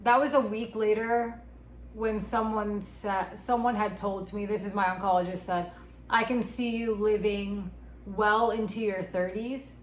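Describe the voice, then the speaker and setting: A woman's voice: mid-range voice, steady tone, measured pace, echoey room, slight background noise, poor audio. A woman in her twenties, speaking as an interviewee and candidly telling a personal story, often acting out what was said. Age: 20s. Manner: candid, retelling with quoted dialogue.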